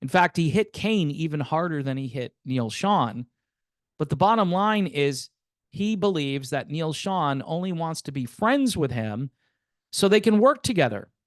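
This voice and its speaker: A man's voice: fairly high pitch, very animated, a little slow, no room sound, clean studio sound. A man in his fifties hosting a music commentary channel, talking in a casual, wry and sarcastic way with theatrical asides.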